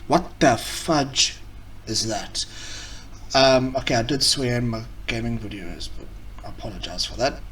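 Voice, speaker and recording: A man's voice: mid-range voice, a little slow, a bit bright, recorded from a distance, a little hiss or hum. A man hosting a casual reaction video, rambling, correcting himself mid-sentence and mocking what he reacts to.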